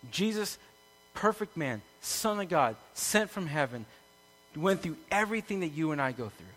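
A man preaching a sermon to a congregation, building from calm teaching to loud, impassioned peaks. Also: on the high side, normal speed. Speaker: pastor. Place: room with an audience.

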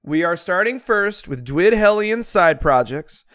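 A man co-hosting a podcast in casual banter, crude and quick to get outraged. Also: high voice, expressive, fairly bright tone, no echo, clean studio sound. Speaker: podcast co-host.

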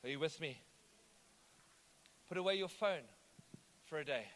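A man's voice: fairly high pitch, unhurried, fairly bright tone. A man preaching a sermon, conversational and often asking the congregation whether they follow. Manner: conversational, asks the congregation questions. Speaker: pastor.

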